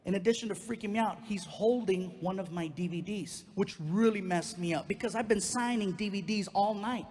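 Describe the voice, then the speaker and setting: A man doing stand-up comedy, telling a long personal story in an animated way and leaping into loud high voices for his characters. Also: brisk. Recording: reverberant venue with faint background noise.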